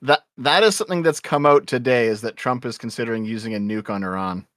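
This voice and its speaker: A man with an ordinary pitch talks on a casual livestream. He walks through an argument calmly, one step at a time. His voice is dry and close to the mic. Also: dry recording. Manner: measured, reasoning a point through.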